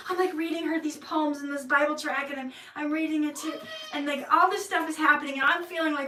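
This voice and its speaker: High, bright-voiced woman telling a story. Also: fast, distant mic. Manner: animated, emotional, jumps into the voices of people in her story. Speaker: vlog host. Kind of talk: casual personal storytelling. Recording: echoey room, mic set back.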